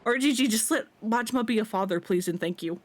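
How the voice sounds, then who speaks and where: A woman's voice: a little high, fast talker. A woman streamer giving casual, rambling gameplay commentary, laughing often.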